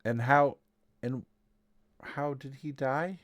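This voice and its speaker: Slow-talking male game master. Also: medium pitch, fairly bright tone, no room sound, studio quality. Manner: unhurried, conversational with fillers. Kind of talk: narrating a tabletop game online.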